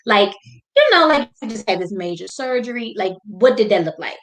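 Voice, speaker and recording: A woman hosting a faith-based talk show, encouraging her guest in quick bursts of speech. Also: medium pitch, animated, fairly bright tone. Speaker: host.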